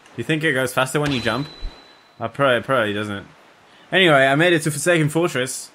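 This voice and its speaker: This gameplay commentator, a man with a fast mid-range voice, swears and jokes casually as he plays, talking to himself. Loud game music plays behind him, along with slight background noise.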